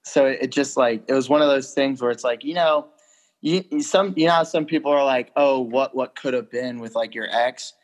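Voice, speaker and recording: A young man tells a bar story in an easygoing chat. His speech is loose and rambling, packed with fillers and casual swearing. His voice sits at an ordinary middle pitch. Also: a little fast.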